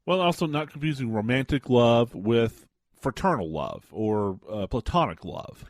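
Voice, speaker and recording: Rambling mid-pitched male radio co-host. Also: very animated, measured pace, no echo, studio quality. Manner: rambling, many fillers and restarts, jokey. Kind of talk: casual radio chat.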